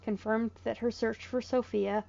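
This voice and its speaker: A woman streamer with a gravelly, fry-laden voice, sleepy and unhurried as she plays a game and thinks aloud. She reads in-game letters aloud in a measured tone. The recording is dull and lo-fi. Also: fairly high pitch, steady tone, dark tone. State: sleepy, yawning. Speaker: let's play gamer. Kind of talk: casual gameplay commentary, reading in-game letters aloud.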